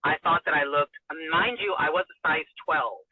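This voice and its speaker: A woman broadcaster with a husky, slightly breathy voice tells a personal story in a sit-down interview, emotional and animated. Her voice comes through a narrow, phone-like band in a very dry recording with no room sound. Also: sits low, moderate pace, dry recording. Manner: animated, acts out quoted dialogue; warm and emotional, laughs often. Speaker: radio and TV broadcaster, interview guest.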